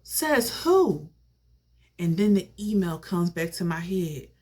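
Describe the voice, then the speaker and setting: A young adult vlogger telling a family story in a casual, animated way. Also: medium pitch, moderate pace. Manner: animated, conversational retelling.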